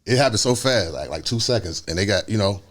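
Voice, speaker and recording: Man, low voice, animated storyteller who does the voices of people in his story. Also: quick pace. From Chicago. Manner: animated, acts out voices, swings between loud and hushed. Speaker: guest storyteller. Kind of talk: casual storytelling interview.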